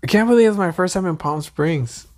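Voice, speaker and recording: A man's voice: sits high, brisk. Male podcast co-host, casual, crude humor, lots of swearing. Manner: crude, joking, swears a lot. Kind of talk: casual chat.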